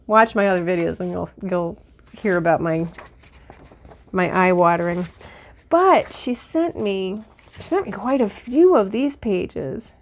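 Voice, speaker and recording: Excitable middle-aged woman vlogger. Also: mid-range voice, a little slow. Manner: chatty and excitable, with many fillers. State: teary-eyed. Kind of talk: casual haul and mail-opening chat.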